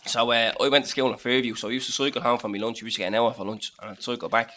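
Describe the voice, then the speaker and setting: Man, Dublin accent, late twenties, podcast co-host, animated storytelling, crisp bright tone. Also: medium pitch, rapid-fire, a little hiss or hum. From Dublin, Ireland. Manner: animated, swearing, acts out voices in anecdotes. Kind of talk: casual storytelling chat.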